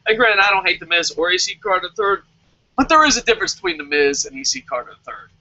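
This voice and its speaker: A man with a high, bright, forceful voice rants through a wrestling review, sarcastic and full of swearing. The audio is dull and lo-fi. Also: fast. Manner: sarcastic, swears a lot, animated. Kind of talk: casual profane review rant.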